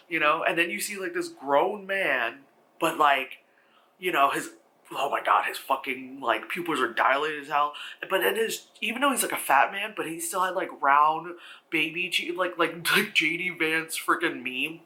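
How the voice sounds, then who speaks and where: Bright, animated man reviewing films. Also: moderate pace. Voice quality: bright, animated and expressive, swears freely. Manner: acts out characters in squealing high voices. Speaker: movie reviewer. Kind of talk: casual spoken film review.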